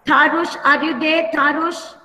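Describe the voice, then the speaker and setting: A woman's voice: high voice, steady tone, sharp tone, slight background noise. Patient woman teacher, echoey. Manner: slow, patient, repeats words and calls pupils by name. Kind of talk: online class for young children. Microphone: computer mic on a video call. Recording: echoey room with long reverb.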